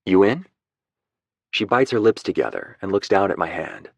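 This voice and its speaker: A man's voice: sits low, big pitch swings, fairly quick, vocal fry, a bit bright, breathy edge, no room sound, dull audio. A man reading a romance audiobook in first person, with a wry, easygoing manner, recorded close on a studio mic. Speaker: audiobook narrator.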